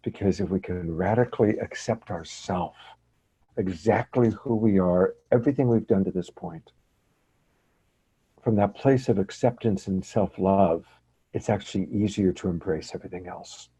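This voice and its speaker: A man coaching a training group over a video call, speaking in a gentle, encouraging, affirming way. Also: low-pitched, normal speed, slightly rough, poor audio.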